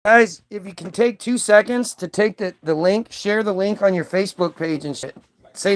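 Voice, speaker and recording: A man's voice: sits high, normal speed. A man delivering a combative, profane, rambling monologue to his stream audience, often restarting his sentences. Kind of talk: ranting monologue.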